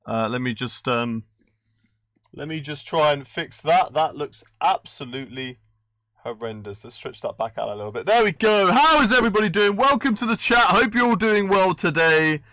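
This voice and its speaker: Male streamer, bright edge, dry close mic, casual live-stream chatter. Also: fairly high pitch, lively intonation, moderate pace, no echo. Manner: chatty, fiddling with settings, checking with chat. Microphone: desk microphone.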